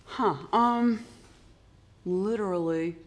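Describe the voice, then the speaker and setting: Halting, emphatic older poet. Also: medium pitch. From Boston, United States. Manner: halting, many restarts, emphatic stresses. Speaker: poet, interview guest. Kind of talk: reflective conversation.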